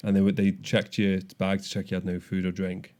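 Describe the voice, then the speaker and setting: A man's voice: sits low, completely flat delivery, a little fast, darkish tone, clean tone. A young man co-hosting a podcast, telling a story animatedly with frequent restarts. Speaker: podcast co-host. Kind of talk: casual chat.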